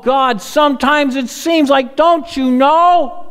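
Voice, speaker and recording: High-voiced, lively male preacher. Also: a little slow. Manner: preaching with scripture readings and rhetorical questions. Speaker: pastor. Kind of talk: sermon.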